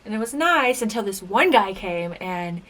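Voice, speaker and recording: A woman's voice: mid-range voice, lively intonation, normal speed, fairly bright tone. Chatty woman telling a story. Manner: chatty storytelling, lots of filler "like". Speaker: former game show contestant. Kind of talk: casual reaction vlog.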